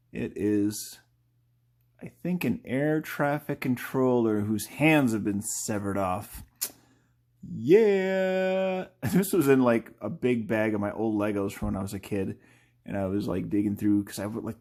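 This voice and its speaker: An artist drawing live chats casually in a medium-pitched, darkish male voice with vocal fry. He rambles and thinks out loud, laughs at his own jokes, and frequently lets thoughts trail off unfinished.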